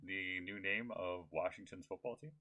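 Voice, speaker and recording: A man's voice: sits low, moderate pace, sharp tone. A man from New York co-hosting a podcast in casual chat, playful and teasing. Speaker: podcast co-host.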